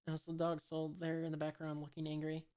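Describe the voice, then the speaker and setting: A woman reading a comic aloud in a casual way. She pauses often on filler sounds, reads out the sound effects and describes each panel. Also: sits low, monotone, mellow. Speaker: reader of a comic. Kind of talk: casual comic read-along.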